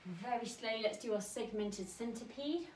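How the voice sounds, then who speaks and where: A woman's voice: a little high, animated, moderate pace, slight background noise. A woman teaching a creative dance lesson for young children, talking straight to them in an encouraging way. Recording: echoey room, mic at a distance.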